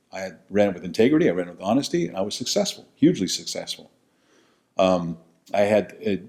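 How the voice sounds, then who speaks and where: An older American man telling stories from his own life, blunt and profane, swinging between loud bursts and low asides. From United States. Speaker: podcast host telling his life story. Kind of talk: casual storytelling monologue.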